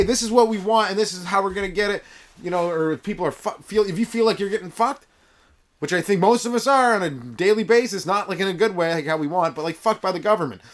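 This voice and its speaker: A hoarse young man hosts his own comedy podcast, rambling through jokes with a lively voice that swings high and low. His pitch sits a little above most men's, and he keeps stumbling into restarts. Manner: jokey, animated, lots of fillers and restarts. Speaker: podcast host and stand-up comedian. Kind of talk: casual rambling comedy monologue. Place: yurt on a rural property.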